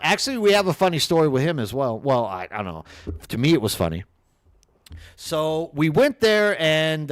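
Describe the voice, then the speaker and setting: A man's voice: a little high, dry recording, clean studio sound. A man with an East Texas accent, streaming and chatting casually, rambling and reading chat aloud. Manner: rambling, reads chat aloud, trails off and restarts.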